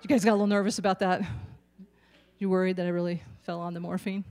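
A woman's voice: fairly low pitch, little pitch movement, quick pace, darkish tone. A woman in her sixties, a nurse and stand-up comic, delivering a chatty, self-deprecating routine to the audience. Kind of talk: stand-up comedy.

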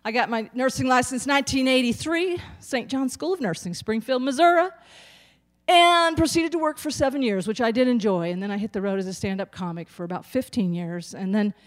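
A woman in her sixties doing stand-up, chatty and self-deprecating, with a slightly high voice. She talks straight to the crowd, wandering through her asides. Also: a little fast. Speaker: stand-up comic and nurse. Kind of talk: stand-up comedy.

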